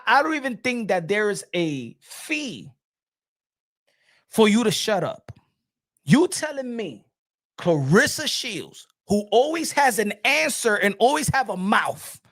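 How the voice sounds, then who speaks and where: A man's voice: very high voice, a bit bright. A man ranting casually on a boxing stream in a mocking, slangy way, repeating his lines.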